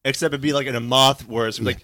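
A man trading quick jokey quips in casual banter on a comedy podcast, laughing often. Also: medium pitch, steady tone, bright, forceful tone. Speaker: podcast co-host.

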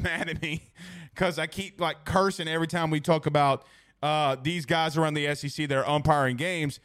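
High-voiced rambling sports host. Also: male voice. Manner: rambling and animated, many fillers and restarts. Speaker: sports talk show host. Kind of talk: casual live-stream sports talk.

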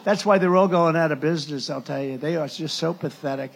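A man running for president speaks at a campaign rally in a brisk, creaky voice that's a little high. He's rambling and sarcastic, frequently cutting himself off mid-sentence and restarting.

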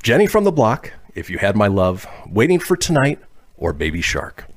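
A man hosts a casual trivia chat, reading out each question with its answer options. His pitch rises and falls a lot, giving the reading a bouncy, animated feel. He laughs easily between questions. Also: normal speed. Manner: reads multiple-choice questions, laughs often. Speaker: quiz host.

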